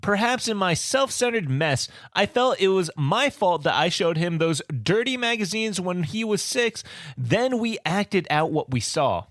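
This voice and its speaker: Young man, podcast co-host, crude banter, high-ish voice, dry sound. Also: measured pace, dry recording. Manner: crude, laughing, animated banter. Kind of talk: casual comedy podcast chat.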